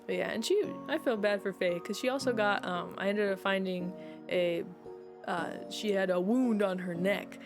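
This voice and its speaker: A woman's voice: medium pitch, moderate pace, over music. A woman streamer chatting casually, rambling and giggling with plenty of fillers.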